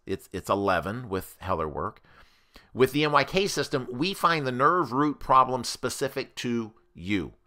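A man, a therapist, giving a conversational educational talk that compares treatment methods. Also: mid-range voice. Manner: animated, conversational explainer.

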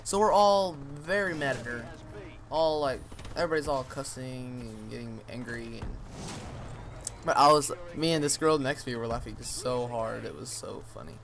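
A man's voice: medium pitch, moderate pace, gravelly, a bit bright, a little hiss or hum. A teenage boy vlogger rambling through a funny story with lots of fillers, sounding amused. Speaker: gaming channel vlogger. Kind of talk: storytime rant over gameplay.

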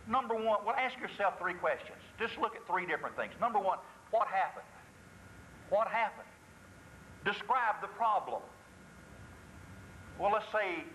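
A man's voice: high voice, expressive, moderate pace, pauses often, sharp tone, slight background noise, poor audio. A male pastor preaching a sermon in a church, asking rhetorical questions and acting out confessions.

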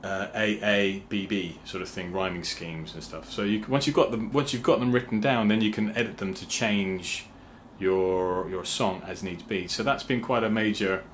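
Chatty man with a low voice. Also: a little hiss or hum. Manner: halting, many fillers and restarts; sings rhythm syllables to explain meter. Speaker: songwriter and channel host. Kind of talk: casual talk to camera.

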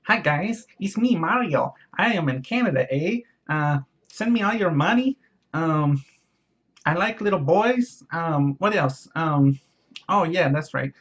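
Man doing a high, whiny send-up of a greedy preacher; husky, lo-fi. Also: expressive, unhurried, a bit bright, exaggerated voice. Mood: mocking. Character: mocking caricature of a greedy male preacher.

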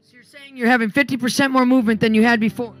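A woman's slightly high voice comes rapid-fire as she preaches to a live church gathering over faint music. She animatedly tells healing stories and leads healing prayer with emphatic, commanding authority.

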